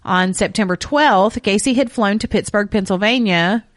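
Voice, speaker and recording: A woman's voice: medium pitch, moderate pace, no echo, studio quality. A woman hosting a true crime podcast, reading case details and breaking off into blunt, profane asides. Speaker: podcast co-host telling the case.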